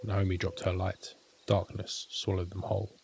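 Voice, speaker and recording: A man with a very low voice tells a scripted horror story. He keeps his pitch nearly level throughout and his pacing measured and grave. Faint hiss and crickets sit beneath his voice. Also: completely flat delivery, vocal fry. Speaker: narrator.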